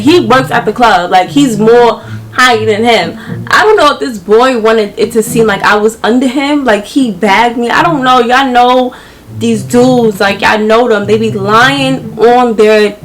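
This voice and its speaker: A young woman, telling a story to her viewers in an animated, slangy way. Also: a little high, slight background noise, poor audio. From New York. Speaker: vlogger.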